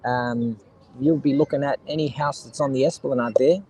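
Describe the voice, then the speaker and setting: On a low-quality recording, a middle-aged Australian man jokes and rambles to his live chat from the seaside amid kids and seagulls. His voice is medium in pitch with a steady, darkish, slightly rough tone, and he speaks at normal speed.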